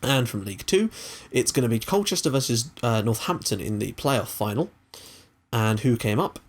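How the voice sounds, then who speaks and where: A man's voice: medium pitch, moderate pace. Chatty man commentating a game. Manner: chatty, excitable, swears casually. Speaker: gaming channel host.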